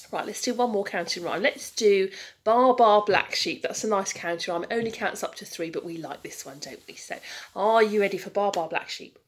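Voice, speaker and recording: A woman's voice: mid-range voice, normal speed. A woman, a children's librarian, leading a rhyme time for little ones in a cheerful, coaxing, sing-song way.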